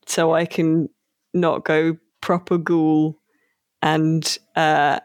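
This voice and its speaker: A podcast speaker putting on a deliberately terrible Irish accent as a male priest who is secretly a ghoul. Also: medium pitch, completely flat delivery, dry recording, studio quality. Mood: wheedling. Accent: put-on stage Irish. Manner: jokey, deliberately bad accent.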